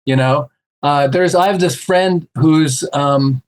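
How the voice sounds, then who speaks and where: A man guesting on a podcast, telling stories in a casual, animated way and acting out the voices of the people he quotes. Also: a little high, slow. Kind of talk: casual storytelling chat.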